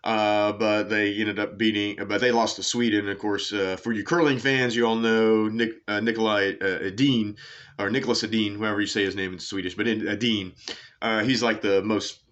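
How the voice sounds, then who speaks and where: Hosting a sports show, a man speaks in a low voice with a bright, forceful edge, keeping his intonation fairly even at a moderate pace. His casual commentary monologue wanders through tangents, packed with fillers and offhand swearing. The recording is dull and lo-fi.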